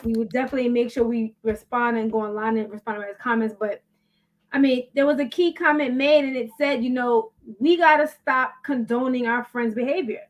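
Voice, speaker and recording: A woman's voice: on the high side, a little fast. A woman hosting a podcast, chatty and upbeat, speaking straight to her listeners. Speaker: podcast host. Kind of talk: casual chat.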